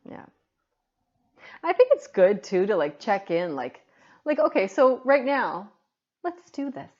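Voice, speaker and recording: A woman's voice: medium pitch, sing-song, unhurried, a little mellow. A woman co-hosting a podcast in casual, reflective conversation, talking it through with plenty of "like" fillers. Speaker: podcast co-host. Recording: muffled lo-fi recording.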